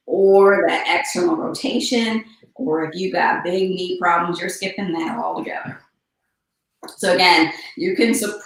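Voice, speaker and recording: A woman with a slightly low voice leads a yoga session, cueing each pose and breath slowly and calmly. Her voice sits back from the microphone in a very echoey room, and some cues drop almost to a whisper. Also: distant mic. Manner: calm, unhurried cueing with soft breathy asides. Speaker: yoga teacher. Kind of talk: guided yoga instruction. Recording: echoey room, voice a bit off-mic.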